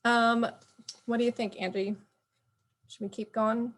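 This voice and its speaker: A woman's voice: a little high, flat delivery, a little slow, fairly bright tone. A woman teacher presenting spelling patterns in an online meeting, explaining and correcting herself as she goes.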